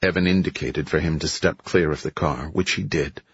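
Man, very deep voice, husky, steady thriller narration, dry dull recording. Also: no room sound. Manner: measured, steady thriller reading. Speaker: audiobook narrator. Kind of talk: scripted narration.

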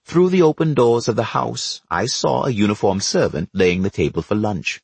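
Husky male storybook narrator. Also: lowish voice, expressive, moderate pace, darkish tone, no echo. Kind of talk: audiobook narration.

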